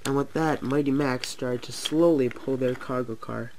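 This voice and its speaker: A man's voice: medium pitch, steady tone, moderate pace, darkish tone, a little hiss or hum. A young man narrating a homemade toy train story, voicing every engine himself with light voice changes. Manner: reads every character in lightly shifted voices.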